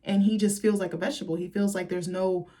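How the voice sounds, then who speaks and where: A woman's voice: mid-range voice, steady tone, fast talker, mellow. Sassy, chatty woman riffing on a movie. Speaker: host. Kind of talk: casual movie commentary.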